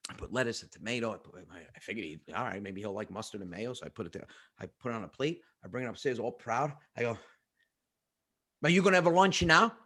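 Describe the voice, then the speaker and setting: A male comedian telling animated, swearing stories on a podcast mic and acting out the quotes. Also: lowish voice, very fast, hardly any pauses, slightly rough. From New York. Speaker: comedian guest. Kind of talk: casual storytelling. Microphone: podcast studio mic.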